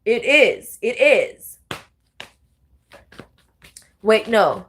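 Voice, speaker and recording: A woman's voice: lowish voice, sing-song, extremely slow, long pauses, fairly bright tone. A young woman ranting heatedly and profanely in a monologue, repeating herself and restarting sentences. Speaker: spiritual video creator.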